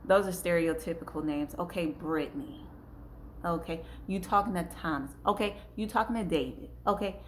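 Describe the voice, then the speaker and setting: Woman, casual parenting talk, fairly low voice, faint background hum. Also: moderate pace. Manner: conversational, gives acted examples, repeats herself. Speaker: parenting channel host.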